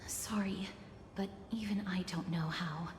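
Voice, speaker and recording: An actress playing a calm, formal young woman in a fantasy game, speaking softly and in measured phrases. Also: on the low side, close to an everyday voice. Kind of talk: game voice acting. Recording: roomy game audio with long reverb.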